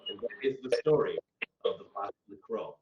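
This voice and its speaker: A man hosting an improv game online and telling a story in a relaxed, rambling way over a video call. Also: lowish voice, a little fast. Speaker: improv host. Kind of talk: casual storytelling. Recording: dull echoey audio from far off.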